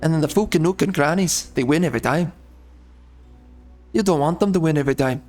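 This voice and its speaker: A man doing a ranting guy with a put-on accent, loud, high and frantic while playing a video game. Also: fairly quick, soft background music, natural voice.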